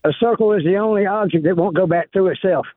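A man's voice: high voice, quick pace, no room sound. A man calling in to a radio show, a little hesitant and stammering. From Georgia, USA. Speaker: caller. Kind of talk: call-in chat. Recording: dull phone-in line.

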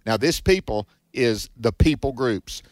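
A man's voice: mid-range voice, lively intonation, unhurried, no echo. A man co-hosting a Bible teaching show, giving earnest, preacherly exhortations in a conversational way.

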